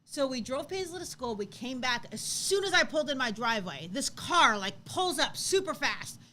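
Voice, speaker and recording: Woman in her 30s, chatty co-host, bright voice a bit high, acts out every quote, light noise behind. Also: normal speed. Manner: animated storytelling, acts out quotes, laughs often. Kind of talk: casual live-stream chat.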